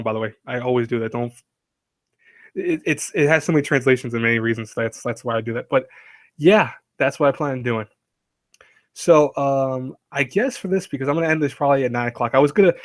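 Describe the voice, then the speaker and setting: A man's voice: mid-range voice, a bit bright, no room sound, studio quality. A man hosting a casual live stream, rambling and chatty, laughing often and reading chat aloud.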